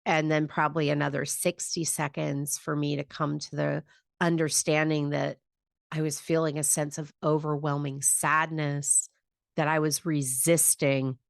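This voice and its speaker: Low gravelly-voiced woman podcast host. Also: unhurried, no room sound, studio quality. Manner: calm, reflective, explanatory. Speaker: podcast host and grief teacher. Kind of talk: conversational podcast teaching.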